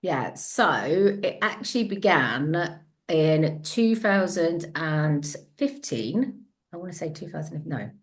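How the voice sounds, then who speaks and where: Chatty Devon woman with a lowish voice. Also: slow. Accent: Devon English. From England. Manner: animated and chatty, restarts sentences, laughs often. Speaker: guest, empowerment coach. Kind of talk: casual interview storytelling.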